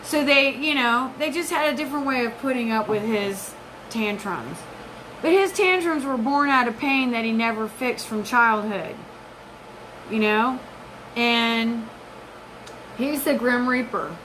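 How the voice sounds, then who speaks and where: A woman's voice: a little high, measured pace, a bit bright, slight background noise, low-quality recording. A woman in her forties giving an intense, rambling, profane personal monologue. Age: 40s. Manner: intense, rambling, profane, jumps between topics.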